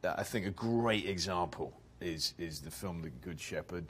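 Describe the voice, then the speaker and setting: A man's voice: low voice, normal speed, slight background noise. A man, chatting playfully as an actor guest in an interview and often repeating words as he starts a thought. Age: 40s. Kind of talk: casual interview chat.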